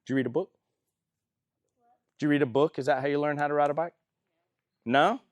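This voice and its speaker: A man leads a Bible study in an easygoing, conversational way, tossing questions to the group. His voice sits a little high for a man, with a dry, close sound. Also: fairly quick, dry recording. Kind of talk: casual teaching talk.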